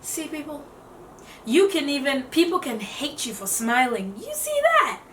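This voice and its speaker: A woman giving casual self-development advice to camera, lively, acting out what other people say and laughing often. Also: sits high, unhurried, slight background noise. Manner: animated, acts out quotes in voices, laughs often. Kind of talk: casual motivational talk to camera. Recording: echoey room, voice a bit off-mic.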